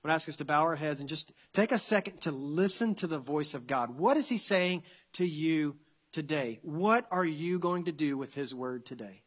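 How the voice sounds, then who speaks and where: A man's voice: a little high, lively intonation, normal speed, a bit bright. A male pastor preaching a sermon that ends in prayer, earnest and building to impassioned emphasis with repeated phrases.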